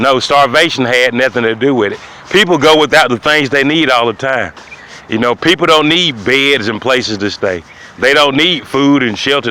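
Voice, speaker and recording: A man hosting his own show, delivering a rambling comic monologue in a preachy, repetitive way that swings from loud to muttering. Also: medium pitch. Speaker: show host.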